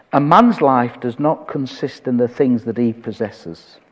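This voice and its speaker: Man, preacher, sermon, husky, conversational, dull lo-fi sound. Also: mid-range voice, darkish tone, long reverb tail. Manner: conversational, reads scripture aloud with light humor.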